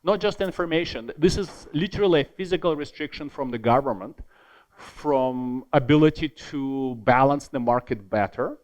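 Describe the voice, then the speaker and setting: A man giving an academic conference keynote, lively and emphatic, repeating words for stress and adding joking, self-deprecating asides. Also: medium pitch, moderate pace. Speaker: keynote speaker.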